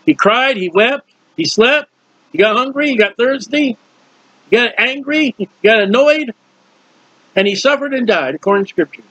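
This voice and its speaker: A man preaching a verse-by-verse Bible teaching, animated and questioning his listeners. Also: extremely high pitch, moderate pace, pauses often, no room sound. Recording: dull lo-fi dry recording.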